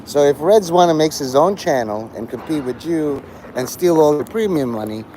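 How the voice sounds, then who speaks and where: A man's voice: a little high, expressive, moderate pace, warm tone, slight background noise, low-quality recording. A man in his forties hosting a livestream, rambling casually, trailing off and restarting his thoughts. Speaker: livestream host.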